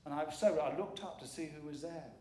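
Middle-aged guy preaching, earnest, repeats stuff for emphasis, slightly high voice, echoey church mic. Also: quick pace, a little mellow. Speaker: guest preacher. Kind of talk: sermon. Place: church sanctuary.

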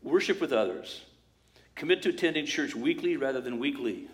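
A man preaching a sermon as pastor, in a lively conversational way, acting out quoted voices and asides. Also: mid-range voice, a little fast, crowd noise.

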